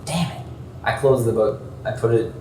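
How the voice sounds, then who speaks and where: A man playing a tabletop game, talking bluntly and quickly with swearing. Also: medium pitch, darkish tone, slight background noise. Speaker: player. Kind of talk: casual tabletop play. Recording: roomy, off-mic, faint ambience.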